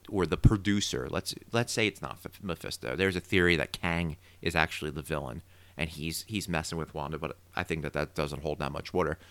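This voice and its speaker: Low-voiced man theorizing in a podcast. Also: clear, resonant tone, no room sound. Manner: opinionated, animated theorizing. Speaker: podcast co-host. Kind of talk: casual recap chat.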